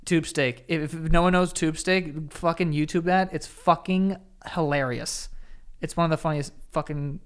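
A man's voice: on the high side, fairly even intonation, moderate pace, clean tone. A young man co-hosting a podcast in casual, profane chat that rambles and keeps restarting its sentences. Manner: rambling, profane, self-interrupting. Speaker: podcast co-host.

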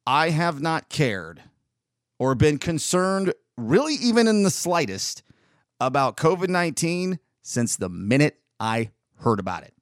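Man, podcast host, rambling monologue, opinionated, slightly high voice, dry close recording. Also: big pitch swings, unhurried, no echo. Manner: rambling, opinionated, with frequent restarts. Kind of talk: casual monologue.

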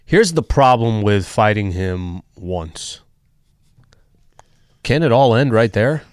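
A man's voice: fairly low pitch, expressive, takes it slowly, clean tone, no echo, clean studio sound. A man hosting a casual sports radio show, posing hypotheticals and joking about himself. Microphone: studio microphone with headphones.

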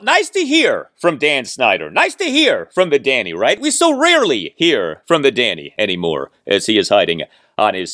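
A man hosts a sports podcast in a lively, swooping voice, wry and sarcastic. The sound is dry and close, with no room around it. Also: medium pitch, no room sound. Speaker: podcast host.

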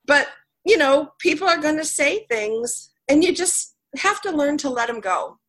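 Woman, interview host, coaching show, fairly high voice, candid anecdotes, conversational. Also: expressive, measured pace, creaky, a bit bright. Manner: candid storyteller, frequent "you know" fillers.

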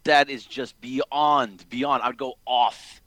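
Blunt male radio co-host, bright voice, dry close sound. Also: mid-range voice, steady tone, takes it slowly, no room sound. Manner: emphatic, blunt reactions. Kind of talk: sports radio talk.

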